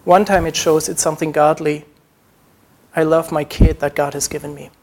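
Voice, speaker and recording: A man's voice: on the high side, little pitch movement, moderate pace, a little mellow. A man preaching a sermon, earnest, acting out short quoted prayers as he teaches.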